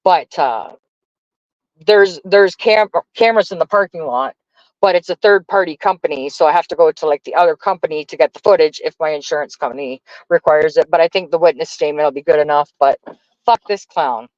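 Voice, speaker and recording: A woman's voice: low voice, fairly quick, darkish tone, no echo. A woman livestreaming, ranting in a heated, profane, rambling way to her chat. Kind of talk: casual live-stream rant. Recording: dull dry lo-fi stream audio.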